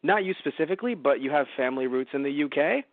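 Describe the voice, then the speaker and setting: A man's voice: fairly high pitch, expressive, fast, no echo. A man co-hosting a podcast, reviewing a show in rambling casual chat with a lot of swearing. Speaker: podcast co-host. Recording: dry, phone-like narrow audio.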